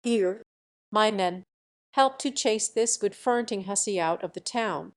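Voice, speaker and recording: A woman's voice: mid-range voice, unhurried, natural voice. A proud, blustering general from a fairy tale who orders his soldiers about, as a woman reading the story puts him on. He speaks in a commanding, indignant tone.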